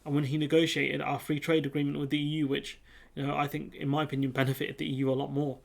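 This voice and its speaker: Flat-toned, exasperated male commentator. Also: a little high, fast talker, creaky. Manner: sarcastic, exasperated. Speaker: political commentator. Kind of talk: reading and reacting to an article.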